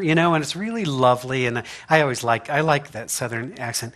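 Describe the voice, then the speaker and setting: A man's voice: medium pitch, fairly quick, hardly any pauses, fairly bright tone. A man giving a conversational sermon as pastor, chatty and humorous, often laughing and checking in with the congregation. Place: church sanctuary.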